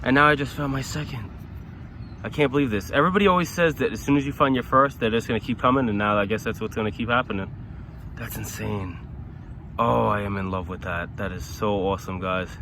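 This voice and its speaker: A man's voice: on the low side, brisk, fairly bright tone, a little hiss or hum. A man from New York vlogging while metal detecting outdoors in a grassy yard. He chats casually to the camera, thinks aloud about each find and keeps calling his viewers guys.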